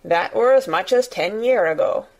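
A woman's voice: mid-range voice, expressive, moderate pace, natural voice. A woman doing a grumbling old gardener. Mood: curt. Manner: grunting, grumbling, curt. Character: grumbling old male gardener, gruff and cross.

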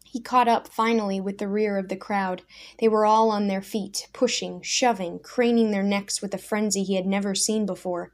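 A woman narrating a storybook in a measured, soft-spoken reading. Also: mid-range voice, steady tone. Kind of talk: scripted audiobook narration.

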